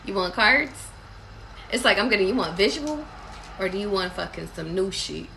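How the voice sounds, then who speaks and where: A woman's voice: mid-range voice, gravelly, bright, forceful tone, a little hiss or hum. A woman reading tarot live for her viewers, blunt and profane, calling them baby. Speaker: tarot reader. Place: away from home.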